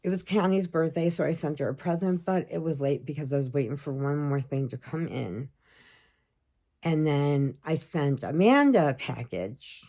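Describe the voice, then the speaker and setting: Middle-aged woman vlogger, low-pitched, chatty storyteller, casual to camera. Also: moderate pace. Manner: chatty storyteller, animated quoting of others. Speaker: crochet vlogger.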